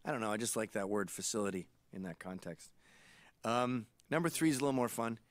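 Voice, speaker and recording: Fairly quick and fairly low-pitched, this man's voice comes with no room sound. He's a Canadian in his late forties giving a comedic podcast monologue full of irreverent, animated stories.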